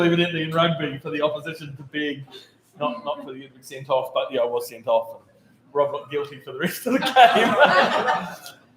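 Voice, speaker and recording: A man's voice: on the high side, lively intonation, a little slow, pushed and bright. A man hosts a memorial gathering, telling a wry anecdote and wrapping up the evening. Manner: wry storytelling. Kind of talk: memorial speech and hosting. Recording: echoey room.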